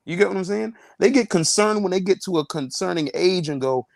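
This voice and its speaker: A man's voice: very animated, brisk, gravelly, few pauses, no echo. A young man, a comedian and new father, talking bluntly and crudely in a casual panel discussion. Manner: blunt, crude, acts out others in a high mocking voice.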